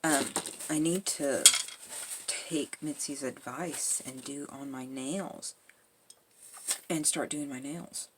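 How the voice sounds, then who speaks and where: A woman quietly talking herself through a craft project, muttering and joking at herself as she works. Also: extremely low pitch, steady tone, takes it slowly, pauses often, noisy background. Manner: soft-spoken, muttering to herself, self-deprecating. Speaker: crafting video host. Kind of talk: casual narration while crafting.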